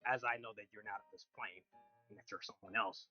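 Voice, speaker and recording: A man voicing his warrior character, pleading earnestly and demanding answers in a slow, steady way. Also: on the low side, lo-fi sound, soft background music, close to an everyday voice. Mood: reasoning.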